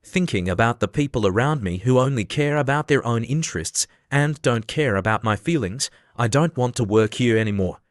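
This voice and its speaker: A man reading as a young flight attendant in a recap story, loyal and earnest toward her boyfriend. The delivery is dry and close, at the reader's own middling pitch, with no put-on female voice. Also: expressive, normal speed, hardly any pauses, no echo, close to an everyday voice.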